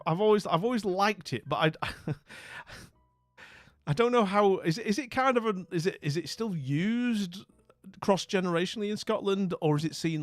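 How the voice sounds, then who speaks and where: A middle-aged man with a high voice chats casually with his stream's viewers, responding to their comments. The recording has no room sound, and he rambles with plenty of fillers and restarts.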